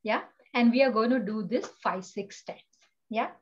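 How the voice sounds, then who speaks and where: A woman's voice: fairly high pitch, moderate pace, highs cut off. A woman, a yoga and meditation teacher, giving a guided breathing lesson over a video call, earnest and full of rhetorical questions. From India. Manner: earnest, rhetorical questions, frequent "you know".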